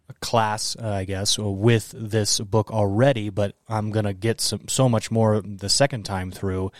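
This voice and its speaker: Podcast guy, lowish voice, lots of uhs, dry close sound. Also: no echo. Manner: halting, many filler sounds. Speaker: podcast co-host. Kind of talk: casual podcast chat.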